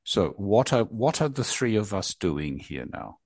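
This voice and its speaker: Deep-voiced older man, jokey podcast host. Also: sing-song, measured pace, vocal fry, a little mellow, dry recording. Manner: self-mocking, jokey, rambling. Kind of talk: casual podcast chat.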